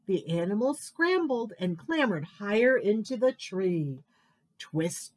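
A woman librarian reading picture books aloud in an animated, expressive way for children's story time. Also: medium pitch, slow pace.

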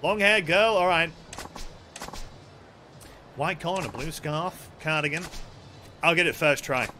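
With a little hiss or hum on the recording, a young man plays a video game on stream, reading its dialogue aloud between jokes and plenty of swearing. His voice is fairly high, pushed and bright, and he doesn't rush. The commentary is playful and sweary.

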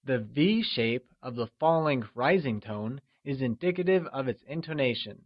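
A man narrating a scripted language lesson, upbeat and encouraging, drawing out modeled syllables slowly. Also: medium pitch, expressive, lo-fi sound. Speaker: language teacher.

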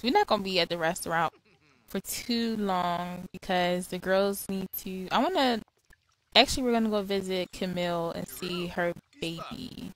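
A woman's voice: on the low side, moderate pace, rough recording. Exasperated woman gaming host. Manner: exasperated, profane, chatty. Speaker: let's play host. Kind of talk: casual game commentary.

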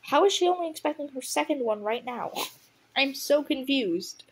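A woman's voice: high-pitched, moderate pace. Giggly young woman reading with commentary. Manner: giggly and excitable, reacting loudly to the story. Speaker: audiobook reader. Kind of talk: casual story reading with commentary.

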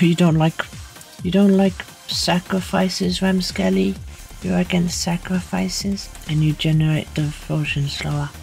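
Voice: medium pitch, gravelly, a little mellow. A streamer giving casual gaming commentary in a playful way, often muttering whispered sound effects and repeating filler words.

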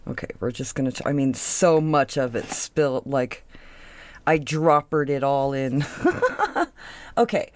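Unhurried and very deep, with a darkish tone and fairly even intonation, a crafting channel host chats casually through her tutorial. She thinks aloud while working, lets sentences trail off, and coos at her pieces.

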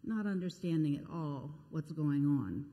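Woman pastor, chatty sermon storyteller, darker lowish voice, church reverb. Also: animated, measured pace, mellow, highs cut off. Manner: conversational, self-deprecating storytelling. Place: church sanctuary. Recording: echoey church sanctuary.

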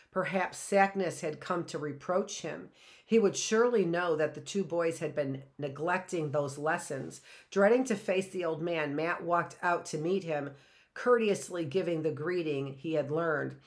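A woman teacher reading a children's story aloud, slow and deliberate. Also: lowish voice.

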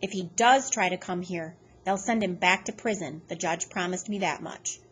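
A woman's voice: on the low side, moderate pace, a bit bright, slight background noise, close to an everyday voice. A woman reading aloud, voicing a blunt, protective elderly grandfather who sounds worn out. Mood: weary.

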